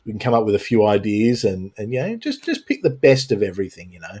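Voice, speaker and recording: A man's voice: lowish voice, sing-song, fast, a little mellow, husky. A man hosting a casual panel chat on a live stream, joking and sarcastic, with mock-serious bits, talking into a home mic on a video call.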